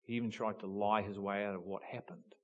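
A man preaching a sermon, telling a story with animated build-ups and emphatic peaks. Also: fairly low pitch, a little fast, highs cut off. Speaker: pastor.

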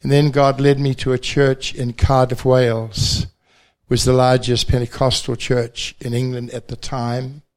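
An older man from New Zealand with a New Zealand accent, a pastor telling his faith testimony at a banquet with gentle self-deprecating humor. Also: mid-range voice, level tone, unhurried.

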